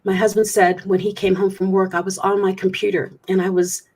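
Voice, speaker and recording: Speaking fairly quickly with little pitch movement, a middle-aged woman shares a personal account as an interview guest. Her middle-range voice is slightly husky, breathy, and a little mellow, and her candid, earnest telling is full of small restarts.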